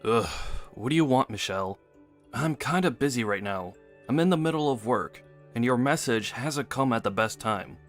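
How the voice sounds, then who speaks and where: A man's voice: medium pitch, lively intonation, normal speed, faint music behind, close to an everyday voice. A man voicing a careless, lying young husband in a text-message drama, dismissive and offhand.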